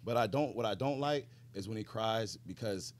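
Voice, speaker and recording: A man's voice: fairly low pitch, moderate pace. A man in his thirties, a retired football player, chatting as a guest on a podcast, swearing freely and laughing through his stories. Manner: loose storyteller, swears freely, laughs mid-story. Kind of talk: casual podcast conversation.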